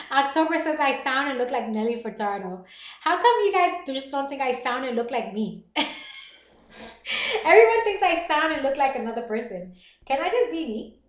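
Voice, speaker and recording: A woman streaming live, chatting casually with viewers and reading their comments aloud, animated and quick to laugh. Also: high voice. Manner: animated, laughs often, reads chat aloud. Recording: roomy echo.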